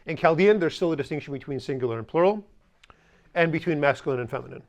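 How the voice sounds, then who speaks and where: Male language teacher, slightly higher voice, joking and hands-on with the class. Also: lively intonation, quick pace. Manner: joking asides, drills the class with repeat-after-me.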